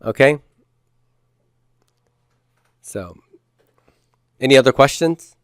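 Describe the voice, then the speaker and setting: A man's voice: mid-range voice, expressive, slow pace, smooth, no echo, studio quality. A man teaching a Hebrew grammar class, explaining patiently and quizzing the students with the odd light joke. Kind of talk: classroom lecture.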